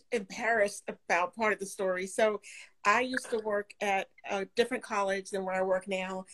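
A woman's voice: medium pitch, a bit bright, poor audio. Woman guest who laughs a lot. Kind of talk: casual chat.

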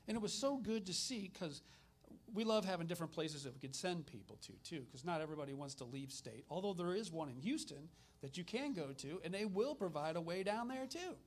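A middle-aged man, a minister telling personal stories in a conversational sermon with animated retellings. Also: on the high side, a little fast.

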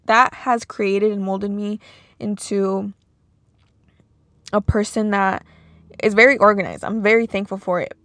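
A woman's voice: mid-range voice, dry recording. Casual young woman, dry close sound. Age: young adult. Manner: casual, emotional, filler-heavy with many "like"s. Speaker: podcast host. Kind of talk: personal monologue.

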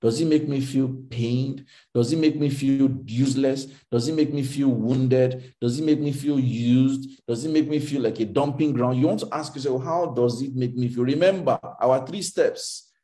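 A male coach teaching in an emphatic, animated way, often repeating his points. He acts out the quoted voices of other people with sudden leaps in pitch. His speaking voice sits at a middle pitch. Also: moderate pace, hardly any pauses. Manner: emphatic and repetitive, faith-infused. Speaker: coach answering audience questions. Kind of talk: motivational teaching session.

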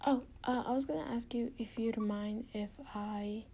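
A woman chatting intimately and casually to her partner, giggly and rambling in a soft, often half-whispered voice. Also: a little high, fairly even intonation, normal speed, slight background noise. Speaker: podcast host talking to her partner. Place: indoors at home.

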